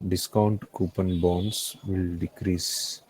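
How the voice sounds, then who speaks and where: Low, mellow Indian-accented male finance tutor. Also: level tone, takes it slowly, slightly rough, low-quality recording. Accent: Indian English. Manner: repeats phrases, checks understanding. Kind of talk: live classroom lecture.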